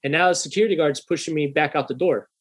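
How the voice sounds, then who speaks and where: A young man spinning a story on a podcast in a loose, chatty way. His voice sits fairly high, and he swears freely while acting out the people he quotes. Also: fast, breathy edge. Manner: animated, profane, acts out quoted voices. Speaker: podcast host. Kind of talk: casual storytelling chat.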